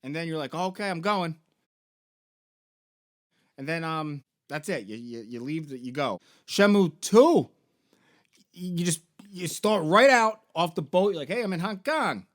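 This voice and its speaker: A man's voice: a little high, a bit bright. Rambling, profane young man recapping games. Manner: rambling, profane, full of fillers. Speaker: toy and game store host. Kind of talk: casual story recap.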